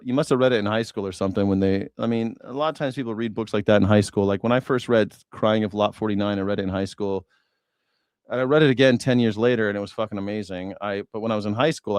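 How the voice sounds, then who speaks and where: A man's voice: on the low side, darkish tone, clear, resonant tone, no room sound, studio quality. A man hosting a news reaction show, chatting casually in a rambling, profane, sarcastic way. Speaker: host.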